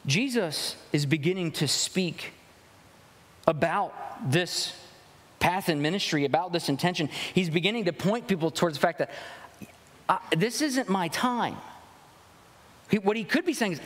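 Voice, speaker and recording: A man's voice: fairly high pitch, expressive, moderate pace. A pastor giving a conversational sermon, acting out quoted lines as he explains a passage. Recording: long reverb of a large hall.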